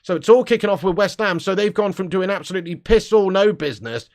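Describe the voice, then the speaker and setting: A man hosting a live stream, chatting casually and joking with viewers, often dropping low for a punchline. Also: quick pace. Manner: jokey banter, drops into a low voice for punchlines. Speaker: livestream host. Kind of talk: casual live-chat commentary.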